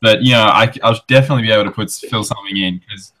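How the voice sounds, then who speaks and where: A man's voice: lowish voice, rapid-fire, pushed and bright. A man chatting enthusiastically as a guest on a casual podcast. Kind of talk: casual chat.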